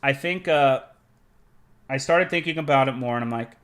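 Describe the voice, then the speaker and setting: A man's voice: medium pitch, moderate pace, a bit bright. Profane, heated male streamer ranting. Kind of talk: casual storytelling rant.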